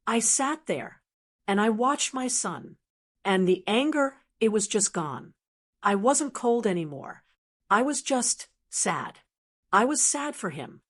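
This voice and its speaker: Calm older woman storyteller. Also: fairly high pitch. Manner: calm, measured. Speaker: narrator. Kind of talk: storytelling narration.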